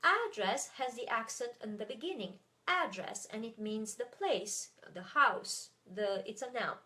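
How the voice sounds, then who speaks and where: A woman's voice: on the high side, moderate pace, sharp tone. A woman with a French accent teaching as a language tutor in a live webinar, chatty and full of fillers and restarts.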